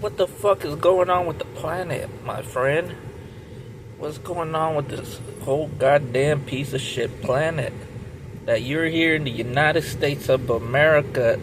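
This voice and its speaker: Profane rambling man over car noise. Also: a little high. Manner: profane, rambling, retelling with loud swings. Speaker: comedian. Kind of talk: rambling comic monologue.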